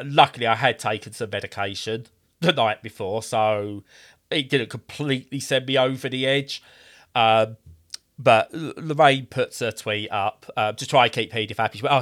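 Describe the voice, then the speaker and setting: A man's voice: mid-range voice, fairly bright tone. A man in his thirties telling a rambling story in a casual way, acting out the voices he quotes.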